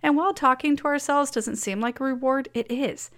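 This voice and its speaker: A woman's voice: high-pitched, a little fast, a bit bright. A woman reading her weekly blog memo aloud as a personal letter, upbeat and encouraging.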